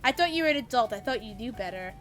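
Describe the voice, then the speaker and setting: A woman's voice: a little high, animated, fast talker, fairly bright tone. A woman mimicking a grumpy young man on a date who complains and talks down to her. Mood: dismissive. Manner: dismissive, complaining.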